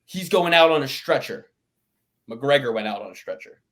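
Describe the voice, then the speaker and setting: A man's voice: medium pitch, animated, normal speed, fairly bright tone. A man co-hosting a podcast, rambling in a casual chat and swearing often as he rants. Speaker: podcast co-host.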